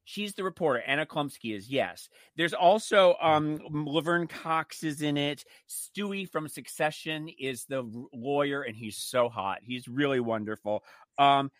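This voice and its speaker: A man co-hosting a casual chat, telling stories in an animated, emphatic way. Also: on the high side, unhurried, no room sound. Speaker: co-host.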